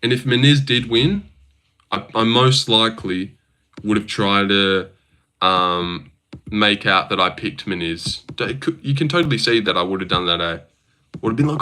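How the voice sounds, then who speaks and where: Guy on a livestream reading chat out loud n joking around, deepish voice, punchy bright sound. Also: lively intonation, moderate pace. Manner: reads viewer messages aloud and teases chatters. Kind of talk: casual livestream banter.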